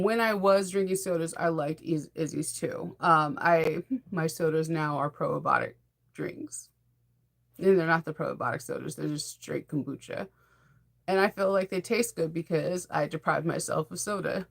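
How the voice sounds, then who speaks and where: A woman's voice: on the low side, gravelly. A middle-aged woman hosting a sewing channel, chatting casually in a rambling, enthusiastic way and laughing often. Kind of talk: casual chat.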